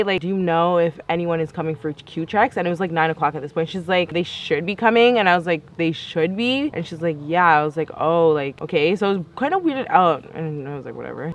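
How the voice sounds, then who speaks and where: A young woman telling a story in a casual vlog, chatty and exasperated, acting out both sides of each conversation. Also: fairly low pitch. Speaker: vlogger.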